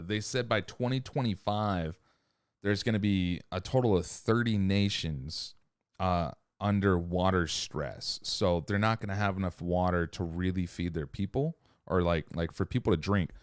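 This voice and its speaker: A man's voice: sits low, a little slow, clear, resonant tone, no room sound, studio quality. A man hosting a podcast in a casual, profane, rambling rant who sometimes loses his thread. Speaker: podcast host.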